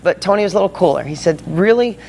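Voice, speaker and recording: A man's voice: high-pitched, rapid-fire, vocal fry, a little hiss or hum. Fired-up motivational man vlogging. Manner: excited, fired-up motivational delivery. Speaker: video blog host. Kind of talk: motivational video blog.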